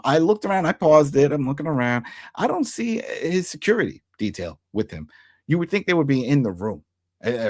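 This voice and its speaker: A man hosting a casual TV episode recap, excitedly retelling scenes and briefly acting out the characters' lines. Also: medium pitch, no room sound, studio quality. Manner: animated, acts out characters' lines in quick put-on voices. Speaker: TV recap host.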